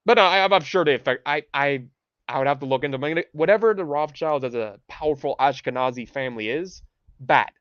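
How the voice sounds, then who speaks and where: A man's voice: on the high side, fairly quick, fairly bright tone, clear, resonant tone, no room sound. A man hosting a rambling livestream monologue in a profane, ranting way, full of restarts. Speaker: livestream host. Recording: dull, dry lo-fi sound.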